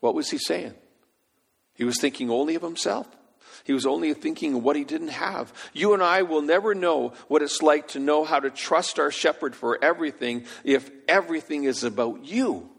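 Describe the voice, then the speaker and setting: Man, pastor, sermon, gravelly, husky, animated, long hall reverb. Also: on the high side, normal speed. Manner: animated, acts out quoted voices.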